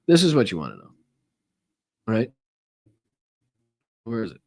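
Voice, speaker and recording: Guy hosting his podcast live from home, loose and chatty, mid-pitched voice, swears a lot. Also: huge pitch swings, unhurried, warm tone. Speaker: political podcast host. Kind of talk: casual live-stream chat.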